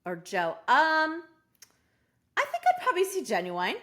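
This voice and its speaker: Decisive woman guest, fairly high voice. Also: wildly swooping pitch, bright, forceful tone. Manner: quick, decisive, lightly joking answers. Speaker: podcast guest. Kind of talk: casual interview chat.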